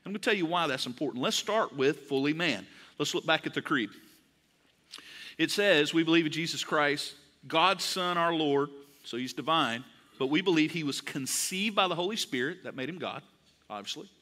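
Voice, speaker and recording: A man preaching in a large church auditorium, his bright, forceful voice sitting a little high for a man. He talks in a loose, joking, conversational way, then presses his points with conviction. A long hall reverb trails every phrase. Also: expressive, normal speed. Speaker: pastor. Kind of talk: sermon.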